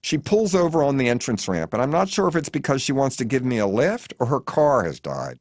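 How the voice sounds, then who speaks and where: This memoir audiobook is read by its American author, whose mid-range voice moves a little fast. His delivery is wry, vivid and lively in intonation, captured in a dry, clean studio recording.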